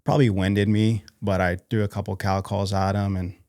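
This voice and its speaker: A man from North Idaho, a podcast guest talking casually in a halting way, with many fillers and restarts. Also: fairly low pitch, level tone, darkish tone, dry recording, studio quality. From North Idaho, USA. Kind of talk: casual interview conversation.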